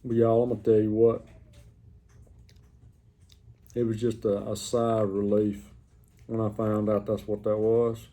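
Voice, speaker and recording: A man's voice: on the low side, normal speed. A middle-aged man, casually telling a story to the camera in a drawling, folksy way. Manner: drawling, folksy, animated retelling.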